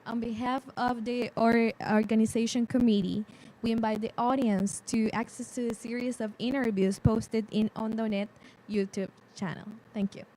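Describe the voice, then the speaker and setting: A woman's voice: fairly high pitch, little pitch movement, normal speed, mellow, rough recording. A woman interviewer from the organizing committee, politely thanking her guests and closing the interview. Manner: polite and appreciative.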